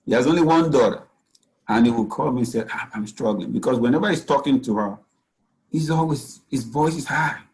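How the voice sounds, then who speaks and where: A man's voice: medium pitch, fairly quick, a little mellow, low-quality recording. A man, a physician speaking as guest at a parenting talk, giving earnest advice and often saying "you know.". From Nigeria.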